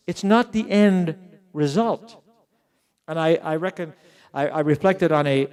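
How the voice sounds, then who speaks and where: A middle-aged man giving a conference keynote, emphatic, slowing down and repeating words to stress his points. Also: fairly high pitch, darkish tone, clean tone. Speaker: keynote speaker at an education summit. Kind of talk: conference speech.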